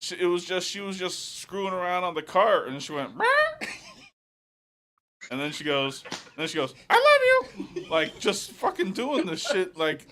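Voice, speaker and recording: Male podcast co-host, lively swearing storyteller, bright and punchy. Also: sits high, a little hiss or hum. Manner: animated, profane, quick storytelling. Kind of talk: casual storytelling banter.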